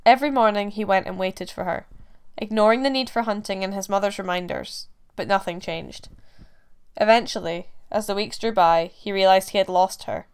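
A woman reading a folk tale aloud in a measured, expressive storytelling manner. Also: mid-range voice, smooth. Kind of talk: scripted narration.

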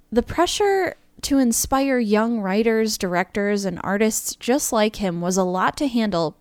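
A woman's voice: medium pitch, dry recording, studio quality. A woman co-hosting a podcast, reading a prepared script and breaking off now and then with laughing asides. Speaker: podcast co-host.

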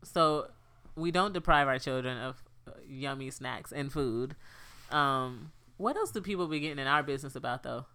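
A woman's voice: extremely low pitch, moderate pace, smooth. A woman co-hosting a casual podcast, telling stories and acting out quotes. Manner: animated storyteller, acts out quotes. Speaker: podcast co-host. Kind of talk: casual chat.

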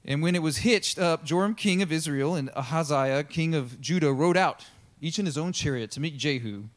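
A pastor telling a Bible story in a casual, chatty sermon. He is animated and acts out the characters in the story. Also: fairly high pitch, normal speed. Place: church.

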